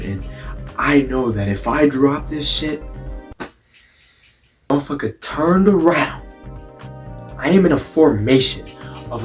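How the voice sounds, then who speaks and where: Young guy ranting candidly, swears a lot, trips over his words, faint music under it. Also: medium pitch. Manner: profane, blunt, stammers and repeats words. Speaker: vlogger. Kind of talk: candid storytelling monologue.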